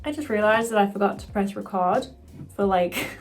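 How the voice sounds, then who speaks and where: A woman chatting casually through a makeup tutorial, excitable and quick to swear. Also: mid-range voice, faint music behind. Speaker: cosplayer doing a makeup tutorial.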